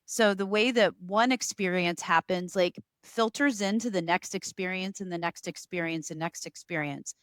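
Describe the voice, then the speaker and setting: Woman podcast co-host, smooth and a bit low, reflective, dry close sound. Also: normal speed, few pauses, no echo. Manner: reflective, uses filler "like". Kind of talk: casual podcast conversation.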